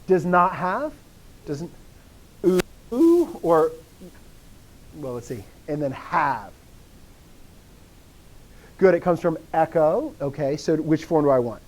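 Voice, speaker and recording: A man's voice: fairly high pitch, very animated, slow pace, long pauses. A man teaching a Greek grammar lesson, explaining step by step and quizzing students with encouraging replies. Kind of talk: live online lesson.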